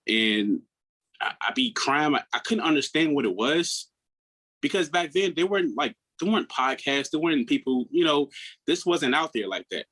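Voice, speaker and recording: A man in his thirties, a podcast guest, telling his own story in a candid, earnest way, often restarting his words and acting out what others said in a higher voice. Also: sharp tone, low-quality recording. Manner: acts out quoted people in a raised voice.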